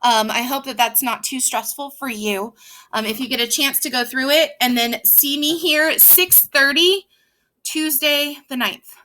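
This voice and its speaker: Bright high-voiced woman teaching reading. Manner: patient, explains slowly, stretches words out. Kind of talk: recorded reading lesson for young children.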